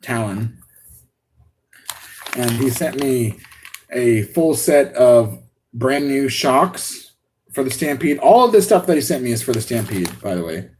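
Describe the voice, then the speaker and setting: A man hosting a live unboxing stream, talking excitedly and rambling with many restarts and laughs. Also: mid-range voice, unhurried, long pauses, a little hiss or hum. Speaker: RC hobby channel host.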